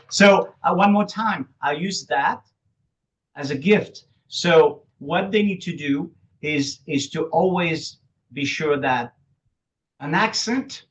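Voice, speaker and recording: Chuckling man with a French accent. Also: a little high. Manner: broken English grammar, chuckles often, many restarts. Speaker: guest, public speaking coach. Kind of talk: casual interview talk. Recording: dull lo-fi recording.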